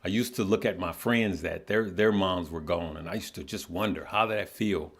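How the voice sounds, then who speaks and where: A middle-aged man hosting a livestream, talking earnestly and haltingly, often repeating words and answering viewers by name. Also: deep voice, slightly rough. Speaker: livestream host. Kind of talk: casual heartfelt livestream talk.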